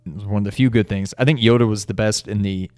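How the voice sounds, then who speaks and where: A man's voice: lowish voice, fast talker, a little mellow, clean tone, no room sound, studio quality. A man co-hosting a podcast, musing in an easygoing, reflective way in casual chat. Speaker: video game podcast co-host.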